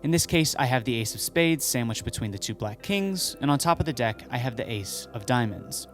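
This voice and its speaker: A man explaining a card move step by step, calmly, as the host of a magic tutorial. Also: mid-range voice, a little fast, soft background music. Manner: joking storyteller, acts out dialogue; calm step-by-step instruction. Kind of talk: stand-up comedy bit, then tutorial instruction.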